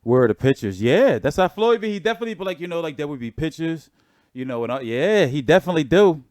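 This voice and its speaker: A man's voice: on the high side, big pitch swings, fast talker, a little mellow, no room sound, clean studio sound. A man hosting a boxing channel, talking in a rambling, laid-back way with lots of fillers. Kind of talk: casual livestream commentary.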